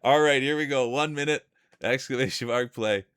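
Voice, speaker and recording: A man with a thick Canadian accent calls marble races on a live stream in a chatty, easygoing play-by-play. His voice is smooth and resonant, at a middle pitch for a man. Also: normal speed, a bit bright. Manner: chatty play-by-play with frequent laughs. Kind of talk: casual live-stream commentary.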